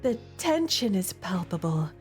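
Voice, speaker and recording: A woman's voice: medium pitch, very animated, measured pace, soft background music. A woman streamer reading a romance game's text aloud and reacting with dramatic, playful overreactions. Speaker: gaming streamer.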